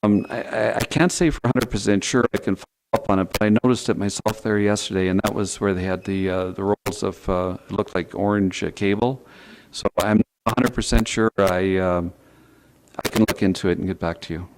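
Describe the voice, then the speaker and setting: A man councillor giving a hesitant report at a council meeting, with many pauses and fillers. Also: on the low side, steady tone, noisy background.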